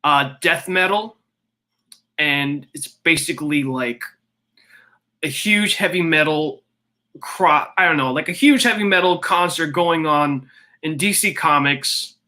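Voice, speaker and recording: A man's voice: fairly high pitch, a little slow, sharp tone. A young man chatting casually to his livestream viewers, rambling with many fillers. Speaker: streamer.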